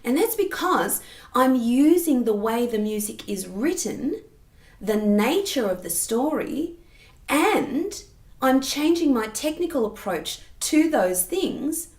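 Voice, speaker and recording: A woman singing teacher explaining vocal technique patiently and clearly, often checking in with the listener. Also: a little high, darkish tone. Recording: roomy echo.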